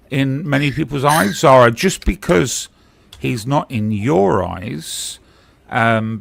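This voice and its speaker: Man, very gravelly voice, lively swinging pitch, blunt, sweary, teasing, casual argument on a livestream. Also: dry recording. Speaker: guest caller on a livestream.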